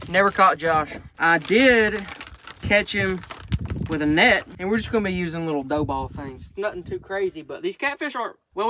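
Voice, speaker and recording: A man, vlogging by a pond while fishing, easily excited and gushing when something surprises him. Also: high voice, a little hiss or hum. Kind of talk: casual outdoor fishing vlog. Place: outdoors by a pond.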